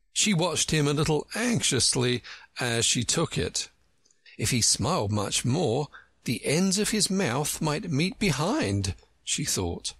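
A man narrating a children's story in a measured, expressive reading. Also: mid-range voice, gravelly, slightly rough, no room sound.

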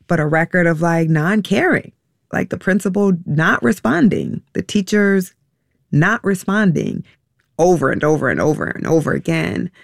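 A middle-aged woman speaks with a gravelly, creaky edge to her voice as she recounts a painful personal story. She talks haltingly and emotionally, restarting often, and the sound is dry and close to the mic. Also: low-pitched, no echo. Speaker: interview guest.

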